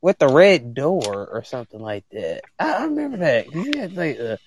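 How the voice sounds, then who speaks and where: A man on a podcast call, talking in an excitable, stammering, slangy way. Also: on the high side, moderate pace, crowd noise. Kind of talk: casual call-in chat.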